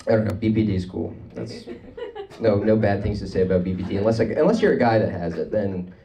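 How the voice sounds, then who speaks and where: Low-voiced rambling stand-up comedian. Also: male voice, fast talker. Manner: rambling, deadpan, self-deprecating. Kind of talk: stand-up set. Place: comedy club stage with live audience. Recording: club audio, mic at a distance, crowd audible.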